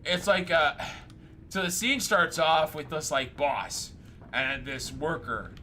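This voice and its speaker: A man streaming a game, chatting casually and rambling excitedly through stories. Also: fairly high pitch, takes it slowly, a little hiss or hum. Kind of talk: casual chat while gaming.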